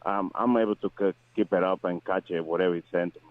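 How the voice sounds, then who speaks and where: A fighter appearing as a guest on a phone interview speaks in a low, steady voice over a dry, tinny phone line with no echo. His first language is Spanish, and his English is friendly but halting.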